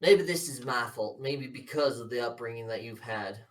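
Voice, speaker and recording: A man's voice: medium pitch, normal speed, a little hiss or hum, lightly acted. A man voicing a stern, scheming older politician who coldly lectures and threatens his son, recorded somewhat far from the mic. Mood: menacing. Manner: cold, menacing, lecturing.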